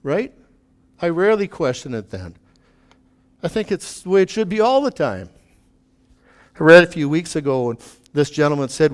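Guy preaching a sermon, earnest, kinda high voice, lots of pleading questions. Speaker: pastor.

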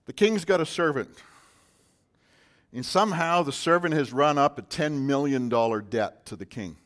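A man preaching a sermon in a conversational way, with sudden loud emphasis on key words. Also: fairly high pitch, normal speed. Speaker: pastor.

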